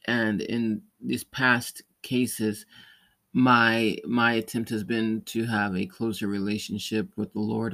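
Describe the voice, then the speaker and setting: A man of middle pitch hosting a relaxed talk show, wandering through an anecdote. He keeps restarting his sentences and laughs lightly as he goes, in easy, casual chat. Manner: rambling storytelling with many restarts and light laughs. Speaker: podcast host; parent or caregiver.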